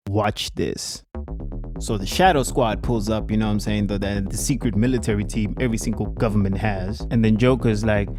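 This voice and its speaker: A man's voice: lowish voice, normal speed. A young man narrating an anime recap as comedy, with hyped, slangy storytelling over music. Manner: hype slangy storytelling, animated.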